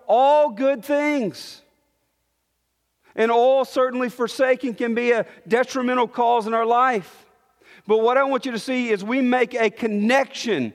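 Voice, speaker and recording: A man with a high voice preaches slowly and deliberately, explaining scripture in an earnest teaching tone. He often restarts his phrases as he works toward a point. His voice rings out with a long reverb, as in a large church hall. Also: steady tone. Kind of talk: sermon.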